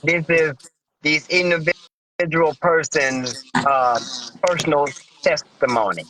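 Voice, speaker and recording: A man's voice: a little high, takes it slowly, background noise. A man hosting a podcast, asking questions in an upbeat, slangy hype manner. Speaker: podcast host. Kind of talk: casual podcast interview.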